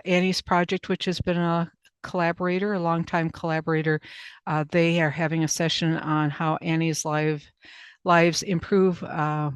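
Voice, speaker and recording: A man hosting a video-call webinar, reading out upcoming events in a halting way, full of pauses and fillers. His voice is smooth and clear, and the sound is dry and close, with no room behind it. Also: fairly high pitch, a bit bright, no room sound. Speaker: webinar host. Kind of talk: casual webinar announcements.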